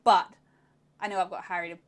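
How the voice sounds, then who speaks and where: A woman's voice: fairly low pitch, flat delivery, quick pace. A young woman co-hosting a casual livestream, bubbly and laughing often as she talks. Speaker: co-host of motorcycle channel.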